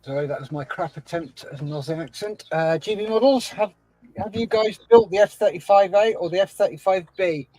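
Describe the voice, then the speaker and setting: A man's voice: high voice, a little fast, darkish tone, faint music behind, low-quality recording. Chatty man reading out live comments. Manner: chatty, reads out viewer comments, laughs easily. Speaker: livestream host reading chat. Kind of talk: casual chat.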